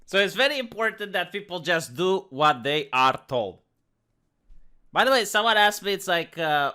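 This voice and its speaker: High, bright sarcastic Romanian man. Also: animated, moderate pace, smooth. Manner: mocking, sarcastic. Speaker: commentary host. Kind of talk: sarcastic comedic commentary.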